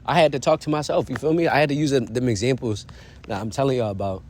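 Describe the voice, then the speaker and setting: There's a little hiss or hum behind this man's fast, mid-range, darkish voice as he vlogs. It's casual motivational self-talk, earnest and encouraging, loaded with slang like "bro" and "you feel me" and frequent asides to the viewer.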